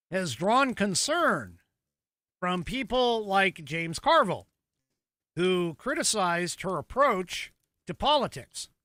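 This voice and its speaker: Combative, bright-voiced American male host. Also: high voice, no echo. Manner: combative, mocking, rising emphatic delivery. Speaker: podcast host. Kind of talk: solo political commentary.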